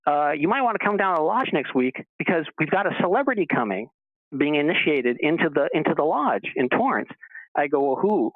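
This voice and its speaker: A man on the higher side of pitch is a guest in an interview, casually telling anecdotes and bringing quoted dialogue to life in a raised voice. He's an animated storyteller heard over a tinny phone line, with no echo.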